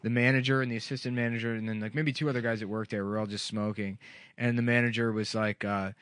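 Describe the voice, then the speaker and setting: A man co-hosting a comedy podcast, telling deadpan anecdotes about bad jobs in casual chat. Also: on the low side, quick pace, clear, resonant tone, no echo. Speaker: podcast co-host.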